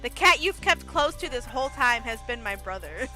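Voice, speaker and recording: A woman streams a story game, reading lines aloud in a high, bright voice. She takes her time, laughs often and bursts into excited shouts. Soft music plays under her. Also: a little slow.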